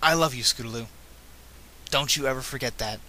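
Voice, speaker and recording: A man voicing a protective adult mare pony who speaks softly and comfortingly. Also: mid-range voice, a little fast. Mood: tender. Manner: soft, comforting.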